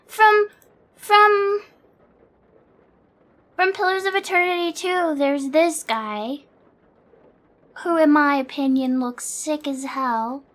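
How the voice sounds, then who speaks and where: Sleepy high-voiced woman streamer. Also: fairly bright tone. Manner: rambling, swears freely, frequent fillers. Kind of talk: casual stream chat.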